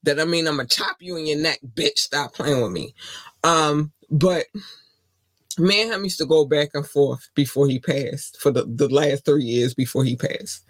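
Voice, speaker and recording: A slightly high-pitched man speaks at normal speed with no echo, hosting a podcast. He's from Baltimore, USA, and has the accent, and his casual monologue is passionate, defiant, and full of repeated points.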